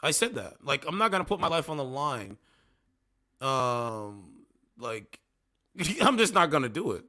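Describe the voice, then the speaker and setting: Reacting to clips on a casual livestream, a Canadian host mocks what he sees with disbelief and chats with his viewers. He speaks unhurriedly in a very animated, mid-range voice with a sharp tone.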